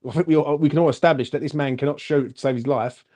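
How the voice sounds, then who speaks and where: A man co-hosting a casual football fan chat, animated and chatty, calling everyone "mate". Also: fairly high pitch, fast. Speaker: fan channel co-host.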